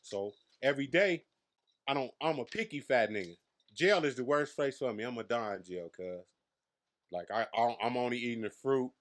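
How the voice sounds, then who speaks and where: A comedian in his thirties from Las Vegas, USA, appears as a guest in a casual interview, boastfully spinning brash, profane stories. His medium-pitched voice is lively in intonation and moves at a moderate pace.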